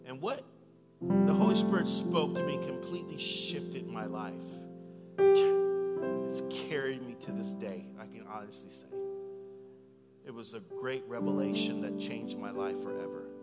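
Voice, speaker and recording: A male pastor delivers a sermon in an ordinary mid-range voice, dropping to hushed lines and rising to loud, excited ones. His voice rings with a long hall reverb while a guitar plays loudly underneath. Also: medium pitch, unhurried. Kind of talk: sermon with personal story. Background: loud guitar playing.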